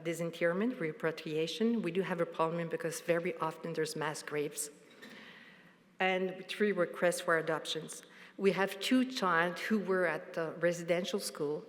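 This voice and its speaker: A woman giving a conference presentation, speaking haltingly with frequent restarts. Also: lowish voice. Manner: halting, restarts, light laughs. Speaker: panel presenter. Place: large conference hall. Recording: long hall reverb.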